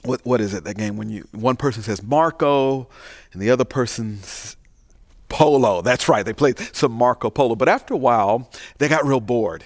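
A man's voice: mid-range voice, normal speed, no echo, clean studio sound. Folksy storytelling male preacher. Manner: folksy, animated storyteller building to emphatic preaching. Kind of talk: sermon storytelling.

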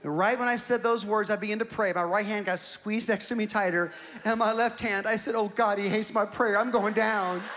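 A young man preaching as a pastor, telling a story with self-mocking humor in an animated way. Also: high voice, brisk. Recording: long hall reverb.

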